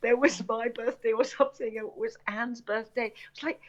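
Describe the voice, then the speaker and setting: Middle-aged british woman chatting about film shoots, animated, does little voices, dull sound. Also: high-pitched, normal speed, few pauses. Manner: animated anecdotes, acts out quoted voices, laughs often. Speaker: actress and screenwriter, interview guest. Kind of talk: casual interview storytelling. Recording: dull lo-fi audio.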